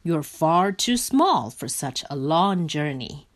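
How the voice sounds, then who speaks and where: Woman reading as a no-nonsense male rat, brisk and stern, slow careful delivery, storybook voice. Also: deep voice, sing-song, full character voice. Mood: firm. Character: firm adventurous male rat leader.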